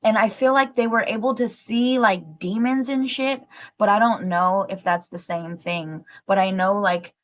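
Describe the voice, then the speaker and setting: A woman hosting a casual livestream, rambling excitedly with lots of fillers and the odd swear as she thinks aloud to her viewers. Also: mid-range voice, normal speed. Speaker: livestream host.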